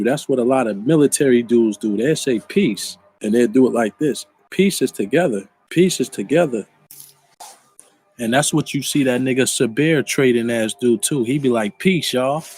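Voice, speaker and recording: A man's voice: medium pitch, a little mellow, husky. A man from the Baltimore area delivering a profane, boastful monologue full of slang and combative trash talk. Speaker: online commentator.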